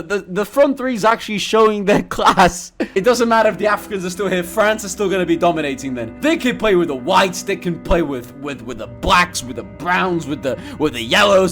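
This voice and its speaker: A young man commentating on a football game, excitable and profane, with stuttered restarts and shouted outbursts. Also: high-pitched. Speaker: gaming streamer.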